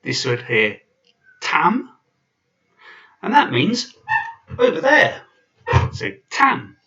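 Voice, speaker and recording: A man's voice: medium pitch, huge pitch swings, takes it slowly, pushed and bright, distant mic, highs cut off. A man giving an informal video lesson, chatty and full of fillers and restarts. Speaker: language teacher.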